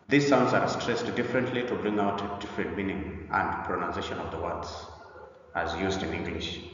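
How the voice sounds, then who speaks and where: A man presenting an English pronunciation lesson in a deliberate lecture style, often repeating himself and pausing on "uh". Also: on the low side. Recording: echoey, dull recording from a distance.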